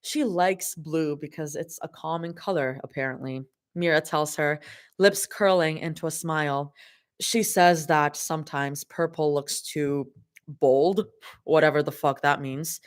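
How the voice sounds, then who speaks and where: A woman's voice: deep voice, a little slow, smooth. Woman live-reading fanfic, casual, swears n laughs between lines. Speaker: fanfiction reader.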